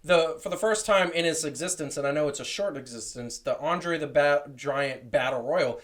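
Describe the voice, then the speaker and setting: A man's voice: fairly high pitch, normal speed, fairly bright tone. A man co-hosting a podcast who talks emphatically and repeats himself, in casual chat. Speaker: podcast co-host.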